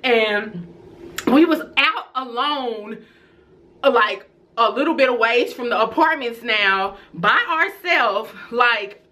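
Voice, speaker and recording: Lively, bright-voiced woman telling a story. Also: fairly high pitch. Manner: animated, laughing storyteller. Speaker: storytelling vlogger. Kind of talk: casual storytime.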